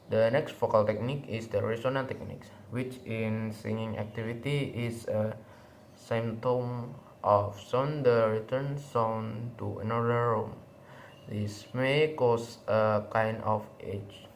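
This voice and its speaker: A teenage boy reading a school presentation on singing techniques, carefully, with halting restarts. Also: medium pitch, slight background noise. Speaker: student presenter.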